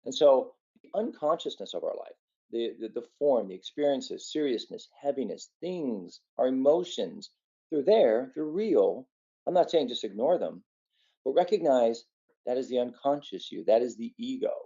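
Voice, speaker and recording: A man's voice: medium pitch, very animated, normal speed, dark tone, highs cut off. A man giving an earnest, conversational talk on meditation and the ego, coming across as a physician teaching. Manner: earnest, conversational, tells a folksy story.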